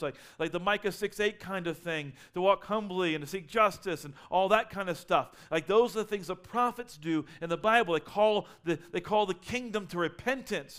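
A man's voice: high-pitched, fairly bright tone. A man preaching a sermon as pastor, earnest and often repeating or restarting his words.

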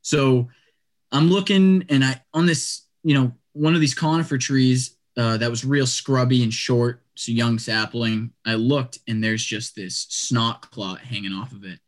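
A young man with a medium pitch and a measured pace tells a long story casually on a podcast. He stays chatty and animated, often saying "like" and "dude."

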